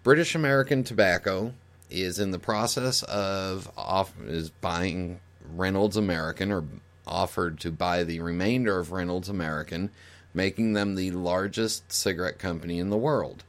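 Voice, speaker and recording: Low-voiced man speculating aloud. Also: normal speed. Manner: speculative, thinking aloud with fillers and restarts. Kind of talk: casual explanatory talk.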